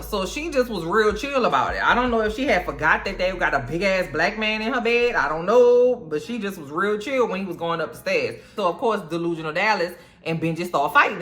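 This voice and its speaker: A woman's voice: medium pitch, lively intonation, fairly quick, few pauses, fairly bright tone. A woman from the American South, recapping a movie in a casual, sassy, slangy way with lots of asides. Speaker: movie reviewer.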